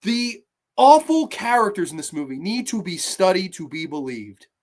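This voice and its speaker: A horror movie reviewer ranting through a sequel with profane, sarcastic jabs, dropping to low grumbles and rising to loud mocking shouts. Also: very animated, moderate pace.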